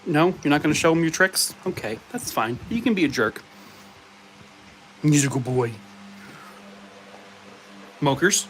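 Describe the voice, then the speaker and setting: A man's voice: a little high, sing-song, measured pace, long pauses, a little hiss or hum. A man live streaming from home, chatting casually and playfully scolding and baby-talking his dogs. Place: home in Arizona.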